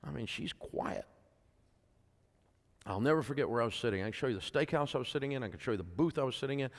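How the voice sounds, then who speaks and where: A man's voice: mid-range voice, lively intonation, fast talker, gravelly. Folksy man telling stories. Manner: folksy storytelling, asks the crowd questions. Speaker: speaker at a conference. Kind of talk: speech to an audience. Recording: long hall reverb.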